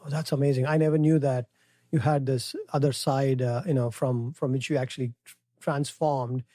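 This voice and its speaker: A man's voice: mid-range voice, steady tone, normal speed, warm tone, dry recording, clean studio sound. A middle-aged man with an Indian English accent, hosting a podcast interview and asking questions with many fillers and restarts. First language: Telugu. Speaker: podcast host. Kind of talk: casual interview.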